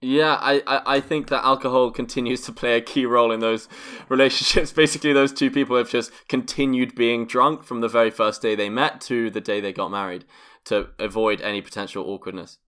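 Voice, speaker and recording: A man's voice: medium pitch, steady tone, a little fast, a bit bright, clear, resonant tone. Wry English man reading quotes aloud. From England. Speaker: podcast co-host. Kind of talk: casual chat, reading out quotes.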